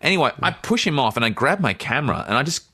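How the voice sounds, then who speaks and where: A man in his thirties, from Australia, co-hosting a podcast and telling a story in casual chat, animated and full of stammered restarts. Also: medium pitch, fast talker, breathy edge. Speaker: podcast co-host.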